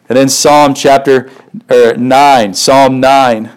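A man's voice: fairly even intonation, takes it slowly, smooth, low-quality recording. Guy preaching, emphatic, keeps asking the crowd questions, medium voice. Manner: emphatic, rhetorical questions, rises in pitch when stirred. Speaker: pastor. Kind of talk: sermon.

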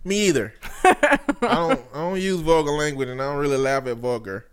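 A man's voice: on the high side, expressive, fairly quick, clean tone. A man co-hosting a podcast in casual banter, joking and emphatic, laughing often. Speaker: podcast co-host.

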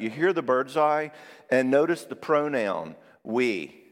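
A middle-aged man giving a sermon on marriage, acting out quotes with lively storytelling and checking in with his listeners. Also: medium pitch, normal speed. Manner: animated storytelling with acted-out quotes; engages audience with frequent "all right?" asides. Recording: long hall reverb.

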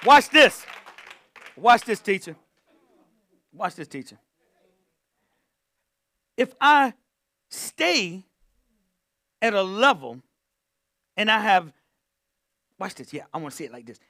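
A man's voice: high voice, animated, slow, pauses often, bright, forceful tone, dry recording, clean studio sound. A man preaching a sermon to a church, repeating phrases and calling on the congregation to answer back. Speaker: pastor.

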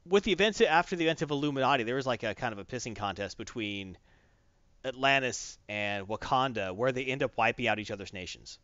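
A man chats casually and retells a comic story with lots of character quotes. His pitch swings widely. The audio is muffled and very dry. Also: fast, no echo. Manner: animated, storytelling, quoting characters. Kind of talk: casual chat recapping a comic. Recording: dull lo-fi, dry.

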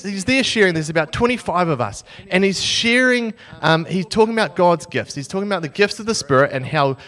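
Young guy preaching, high voice that jumps all over, telling a funny story on himself. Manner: animated, self-mocking storyteller. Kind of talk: storytelling sermon.

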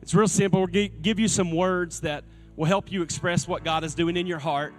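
Earnest preaching man, fairly high voice. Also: steady tone, normal speed, faint music behind. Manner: earnest preaching, repeating key phrases. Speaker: pastor. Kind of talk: sermon. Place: church sanctuary.

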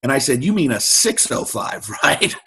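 A man's voice: mid-range voice, normal speed, slightly rough. A middle-aged man telling a story as a guest in an interview, acting out the voices of the people he quotes. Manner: animated anecdote-telling, acts out quoted voices. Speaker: guest speaker.

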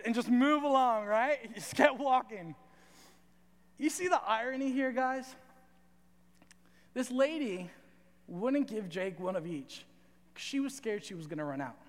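A young man preaching to a youth audience, telling a story in a lively, conversational way and often checking in with "right?". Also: high voice. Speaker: youth pastor. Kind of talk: sermon with storytelling. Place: large hall with audience. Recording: reverberant hall.

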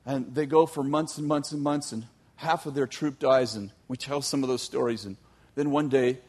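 A man telling a long story in a sermon, animated, with joking asides to his audience. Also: mid-range voice, moderate pace. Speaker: youth teacher.

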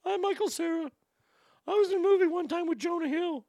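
Mocking falsetto lampoon of a timid, awkward young man, put on by a male host, mumbled and dry. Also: a little fast, gravelly, a little mellow, no room sound. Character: mocking impression of a shy young male actor.

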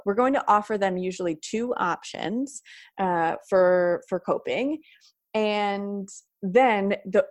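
A woman's voice: medium pitch, no echo, studio quality. A woman talking casually about parenting, chatty, often adding "like" and "right?". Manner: chatty, frequent "like" and "right?" fillers. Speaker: parenting educator guest. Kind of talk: casual conversational advice.

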